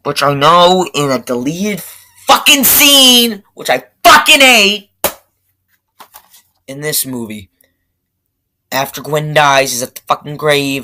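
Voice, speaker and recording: A man giving a rambling, profane movie review rant that keeps flaring up into loud outbursts. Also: on the high side, animated, slow, long pauses, rough recording.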